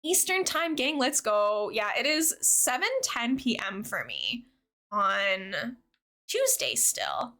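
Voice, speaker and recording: A woman's voice: a little high, sing-song, takes it slowly, bright, forceful tone. A young woman streaming a game, chatting bubbly and giggly with her viewers and reading chat aloud. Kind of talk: casual livestream chat with viewers.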